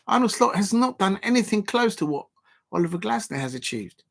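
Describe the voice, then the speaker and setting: Brief: male stream host, raised pitch, animated and indignant, chatty fan commentary. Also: a little fast. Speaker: football watch-along host. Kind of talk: live-stream chat reading viewer comments.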